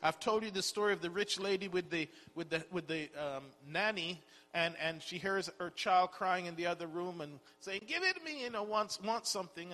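High-voiced man preaching in a hall. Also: pushed and bright. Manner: conversational, rhetorical questions, repeats words. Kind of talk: sermon. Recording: long hall reverb.

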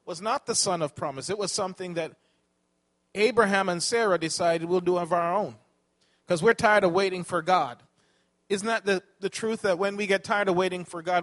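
A man's voice: high-pitched, a bit bright. A man preaching a sermon, asking the congregation questions and correcting himself as he teaches.

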